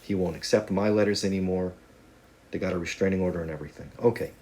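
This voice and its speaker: Joking low-voiced man teaching Spanish. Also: steady tone, fast talker, darkish tone. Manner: joking, conversational, asides. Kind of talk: casual video lesson.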